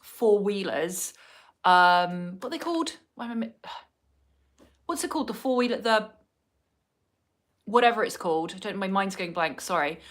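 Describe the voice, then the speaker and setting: A woman's voice: mid-range voice, lively intonation, unhurried, pauses often. A woman chatting casually to viewers at home as she does her makeup, rambling from one thing to the next. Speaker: vlogger. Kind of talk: casual get-ready-with-me chat. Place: at home indoors.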